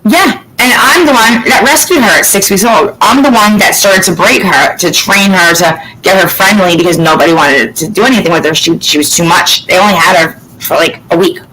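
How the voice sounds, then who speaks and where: A woman from Florida in casual chat as host, telling lively stories and swearing freely. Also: lowish voice, a little fast, hardly any pauses, slight background noise, low-quality recording. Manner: animated storytelling, swears freely.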